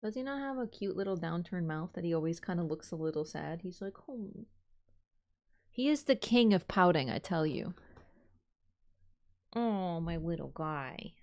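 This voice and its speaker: A woman streamer chatting casually to her viewers and cooing to her cat in soft, doting baby talk. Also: lowish voice, lively intonation, moderate pace. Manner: coos and baby-talks to her cat, drifting between soft and bright. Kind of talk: casual livestream chat.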